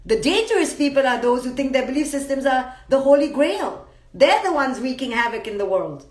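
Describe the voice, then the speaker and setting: A woman's voice: high voice, lively intonation, a little fast, a little mellow. A woman psychologist giving a live-streamed motivational talk, emphatic and blunt, repeating her key words. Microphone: phone live stream. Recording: roomy echo.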